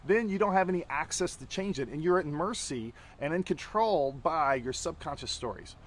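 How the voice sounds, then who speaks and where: Lively high-voiced man teaching. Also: normal speed, slight background noise. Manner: animated, acts out quoted lines. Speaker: tantra teacher. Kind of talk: casual teaching chat.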